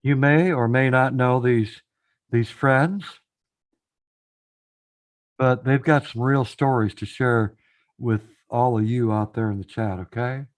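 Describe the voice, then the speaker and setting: Speaking slowly with long pauses, this medium-pitched man runs a laid-back live stream panel. He keeps encouraging guests to join in, often says the same things twice, and talks directly to the chat.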